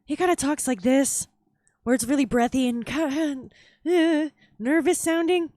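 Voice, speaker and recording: A woman voicing a timid male sea-folk adventurer from a tabletop game, with a breathy, nervous voice. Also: high-pitched, fairly even intonation, moderate pace, darkish tone, dry recording, studio quality, voice pushed up, close to an everyday voice. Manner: nervous, wimpy.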